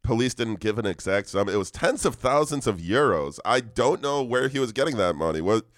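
A man's voice: mid-range voice, lively intonation, fairly quick, no room sound, studio quality. A young man co-hosting a podcast, relaying a news story in a rambling, casual way and laughing often. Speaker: podcast co-host presenting news stories. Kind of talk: casual comedic chat.

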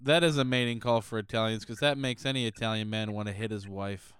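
A young man co-hosting a podcast, joking crudely and putting on silly high voices. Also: fairly even intonation, fast talker, a bit bright, smooth, no room sound, clean studio sound. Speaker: podcast co-host. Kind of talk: casual crude podcast banter.

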